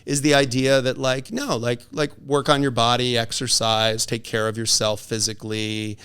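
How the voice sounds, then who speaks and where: As a guest on a podcast, a middle-aged divorce attorney talks casually in a smooth, medium-pitched voice at normal speed. He's a lively storyteller who acts out the voices of those he's quoting.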